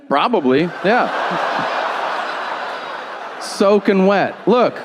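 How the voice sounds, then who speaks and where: A man doing stand-up with a slow, drawn-out, crude delivery. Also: on the high side, very animated. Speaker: stand-up comedian. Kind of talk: stand-up set. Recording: live club recording with clear noise.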